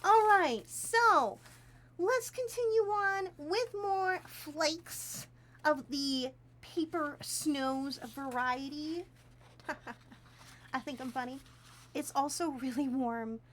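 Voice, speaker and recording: Woman streamer, high voice, chatty and giggly, gushing thanks, small home room. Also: slow, fairly bright tone, a little hiss or hum. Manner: chatty, giggly and effusively grateful. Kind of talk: casual livestream chat while crafting. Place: tiny warm room at home.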